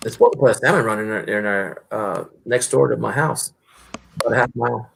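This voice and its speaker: American guy rambling along slow and halting, gravelly fry in his voice. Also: medium pitch, a bit bright, slight background noise. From United States. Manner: meandering, halting with many uhs. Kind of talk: casual chat.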